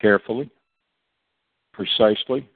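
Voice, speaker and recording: A man's voice: fairly low pitch, normal speed, no room sound. A man speaking as a guest on a talk radio show, in a long emphatic monologue, spelling out acronyms letter by letter. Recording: tinny phone line.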